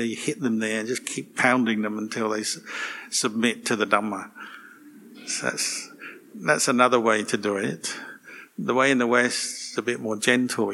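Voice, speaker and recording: A man, a monk, giving a relaxed, gently humorous dharma talk to a meditation group. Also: on the low side.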